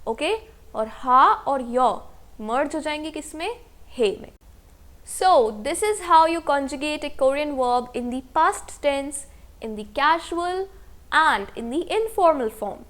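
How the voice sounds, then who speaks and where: A woman teaching a step-by-step grammar lesson. She explains slowly, mixes English with Hindi and keeps checking with "okay?". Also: high voice, lively intonation, fairly bright tone. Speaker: language teacher.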